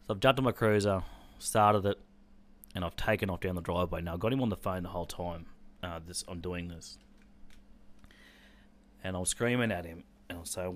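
A man's voice: low-pitched, moderate pace, long pauses. An Australian man telling a personal story in an intense, blunt way, swearing freely.

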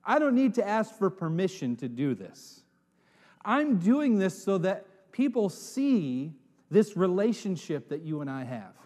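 A man preaching a sermon as pastor, swinging from hushed, drawn-out words to loud, dramatic calls. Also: high voice, sing-song. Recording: long reverb in a hall.

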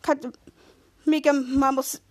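A young woman hosting a podcast, excitedly recapping a TV episode and acting out the characters' lines in playful voices. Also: sits high, measured pace. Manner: excited, rambling, acts out quotes in playful voices. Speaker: podcast host.

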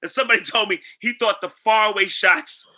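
A man from New York spins lively anecdotes as an interview guest, slipping into other people's voices as he goes. His voice sits high for a man and sounds very bright and forceful. The storytelling is animated and casual. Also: a little fast. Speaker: guest, singer and actor.

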